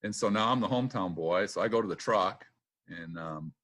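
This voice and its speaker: A man's voice: low-pitched, fairly quick. Middle-aged man telling racing stories. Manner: lively anecdotes, acts out quotes, laughs often; filler-heavy with "uh" and "um". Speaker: retired boat racer, guest. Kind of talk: casual storytelling interview.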